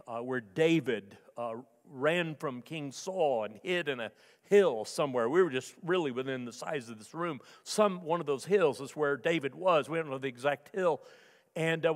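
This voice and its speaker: A man's voice: a little high, fairly bright tone. A man preaching a sermon as pastor, telling stories in a conversational way with frequent restarts. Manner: storytelling, conversational with repeated restarts. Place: church sanctuary. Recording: long reverb of a church sanctuary.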